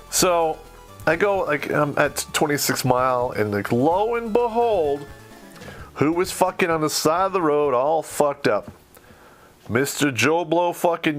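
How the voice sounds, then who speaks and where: Profane, blunt middle-aged storyteller. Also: male voice, fairly high pitch, lively intonation, normal speed, faint music behind. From Michigan, USA. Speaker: podcast host. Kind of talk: casual storytelling.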